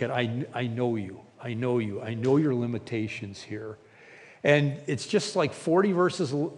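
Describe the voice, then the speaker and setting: Male pastor, mid pitch, casual sermon delivery with restarts, church hall reverb. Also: darkish tone. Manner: conversational, acts out quoted lines with restarts.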